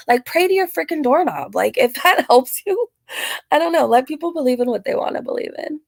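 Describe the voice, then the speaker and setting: A woman's voice: high-pitched, animated, a little fast, vocal fry. A young woman hosting a casual live question-and-answer stream, rambling with many fillers as she reads and answers chat comments. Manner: rambling, filler-heavy talk with frequent "like". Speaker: channel host answering viewer questions.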